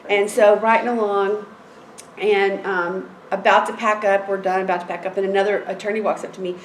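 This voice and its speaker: A middle-aged woman court reporter telling a story in a blunt, animated way, with plenty of fillers. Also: mid-range voice, a little fast, slight background noise. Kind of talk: anecdotal storytelling in a seminar chat. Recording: roomy echo.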